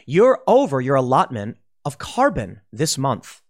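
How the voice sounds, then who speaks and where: A man's voice: mid-range voice, wildly swooping pitch, unhurried. A man voicing a polite automated payment system turning down a purchase.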